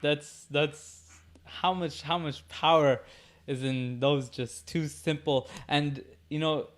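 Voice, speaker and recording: A man hosting a podcast, talking thoughtfully in a halting casual way, often repeating words as he gathers his thoughts. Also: a little high, fairly even intonation. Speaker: podcast host. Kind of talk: casual conversation.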